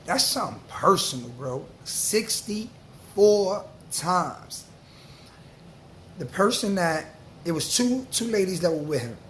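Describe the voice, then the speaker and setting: A man, talking straight to camera in an animated, slang-heavy style. His voice sits a bit high for a man. A faint hum of noise runs underneath. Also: fairly quick. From New York. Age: 40s. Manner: animated, slangy, streetwise storytelling. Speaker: vlogger. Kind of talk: casual storytelling to camera.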